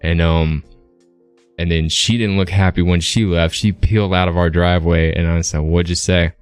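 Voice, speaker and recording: A man's voice: sits low, steady tone, normal speed, clean tone, no room sound, soft background music. A man streaming, casually telling a rambling story with plenty of fillers and tag questions.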